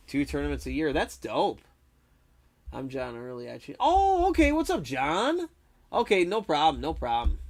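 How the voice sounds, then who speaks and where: A man's voice: medium pitch, creaky. Laid-back swearing male game streamer. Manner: laid-back, swears a lot, laughs often, says dude. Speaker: game streamer chatting with viewers. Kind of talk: casual live-stream chat.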